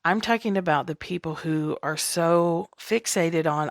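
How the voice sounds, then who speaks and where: A woman's voice: lowish voice, measured pace, few pauses, dry recording, clean studio sound. A woman from the American South hosting her podcast, talking in a chatty, candid, self-deprecating way. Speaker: podcast host. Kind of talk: casual spiritual monologue.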